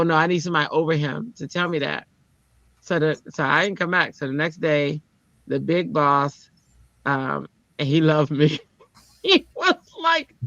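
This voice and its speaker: Teacher lady telling a story, animated, does everybody's voices, dull dry lo-fi sound. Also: dry recording. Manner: animated, acts out quoted people with jumps in pitch. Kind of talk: casual storytelling chat.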